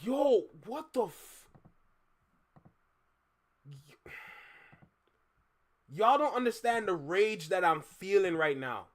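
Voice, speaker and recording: A man's voice: high voice, animated, takes it slowly, long pauses. A man hosting a live stream, ranting in exasperation at his viewers, repeating himself with bursts of laughter. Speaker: live-stream reaction host. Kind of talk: casual live-stream rant.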